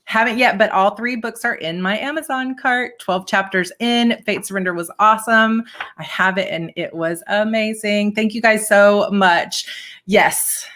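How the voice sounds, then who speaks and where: A woman's voice: mid-range voice, unhurried. Chatty woman author, gushing and grateful. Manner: gushing, warm thanks, frequent laughs. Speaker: author hosting a livestream. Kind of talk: casual chat.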